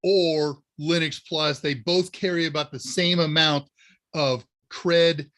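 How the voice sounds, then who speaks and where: Male livestream host, casual and chatty, slightly higher voice. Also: takes it slowly. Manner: relaxed, chatty, answers viewer questions. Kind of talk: casual live Q&A.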